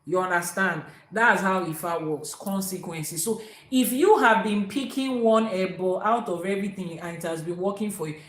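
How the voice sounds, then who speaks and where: This woman's mid-range voice keeps a moderate pace with few pauses as she teaches in her role as an Ifa priestess. Emphatic and quoting proverbs, she repeats important words throughout the spiritual talk, recorded in an echoey room.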